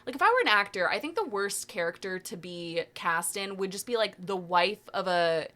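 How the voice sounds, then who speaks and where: A young woman co-hosting a podcast, chatting casually about TV shows, full of fillers and quick asides. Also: mid-range voice, expressive, sharp tone. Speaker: podcast co-host. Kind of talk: casual pop culture chat.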